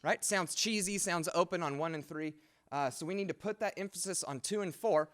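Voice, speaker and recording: A man's voice: sits high, brisk, fairly bright tone. A man, a music professor, giving a patient instructional drum set lesson in a practice room. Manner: clear, patient explaining with sung drum patterns.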